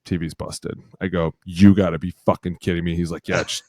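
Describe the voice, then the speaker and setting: A man in his thirties, a former football lineman and podcast co-host, telling stories with excitement, swearing and acting out what people said. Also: deep voice, fairly quick, dry recording. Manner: excitable storyteller who swears and acts out quotes. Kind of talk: casual chat.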